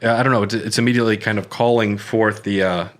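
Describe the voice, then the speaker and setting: Podcast co-host, male, lowish voice, easygoing, fillers and restarts. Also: quick pace. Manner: relaxed, hesitant, lots of fillers and restarts. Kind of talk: casual film discussion.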